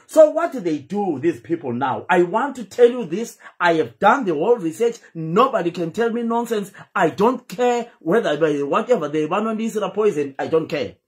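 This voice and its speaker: Impassioned Zimbabwean man, lively high voice. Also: moderate pace, hardly any pauses. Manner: pleading, emphatic, switches between English and Shona. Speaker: host. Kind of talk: impassioned live-stream talk.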